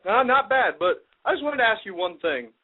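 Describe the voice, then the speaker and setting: Deadpan male prank caller on phone. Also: high voice, fairly quick. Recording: tinny phone line.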